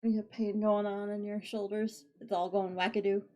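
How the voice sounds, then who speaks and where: A woman on a craft live stream who quietly counts her stitches under her breath, then chats casually to her viewers. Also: medium pitch, low-quality recording. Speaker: craft livestreamer. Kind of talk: casual live-stream chat while knitting.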